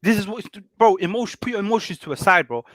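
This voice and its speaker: A man's voice: high voice, animated, quick pace, fairly bright tone, no room sound. A young man, arguing in a casual, slangy, joking way. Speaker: panel speaker. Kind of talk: casual debate.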